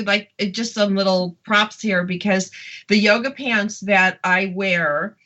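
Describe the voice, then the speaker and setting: A woman's voice: medium pitch, sharp tone. A woman co-hosting a radio talk show, chatting in a gushing, casual way. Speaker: radio co-host. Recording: dull lo-fi sound.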